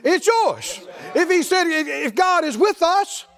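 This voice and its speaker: A man preaching a sermon, asking the congregation question after question in a folksy, animated way. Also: very high-pitched, measured pace, vocal fry. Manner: folksy, laughs between points. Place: church. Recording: echoey hall reverb.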